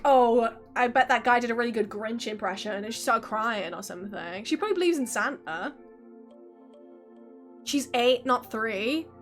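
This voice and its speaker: A woman's voice: high-pitched, a bit bright. A woman in her early twenties chatting casually on a live stream, telling stories with frequent laughs and swearing.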